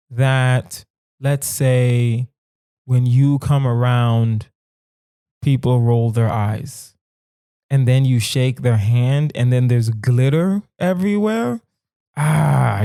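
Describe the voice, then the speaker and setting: A young adult man hosting a podcast, riffing on a hypothetical in an animated, emphatic comedic monologue. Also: mid-range voice, takes it slowly, dry recording, studio quality. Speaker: podcast host.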